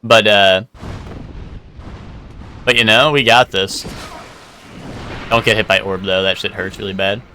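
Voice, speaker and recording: A man's voice: lowish voice, steady tone, unhurried, pauses often, pushed and bright, a little hiss or hum. A man streaming a game live, chatting casually with a rambling, swearing, laughing manner. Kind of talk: casual live gameplay commentary.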